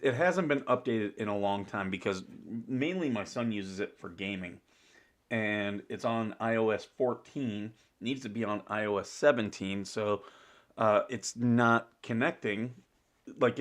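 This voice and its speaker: A middle-aged American man hosts a laid-back morning livestream, rambling with fillers and chuckling often. His voice is medium-pitched with a fairly bright tone.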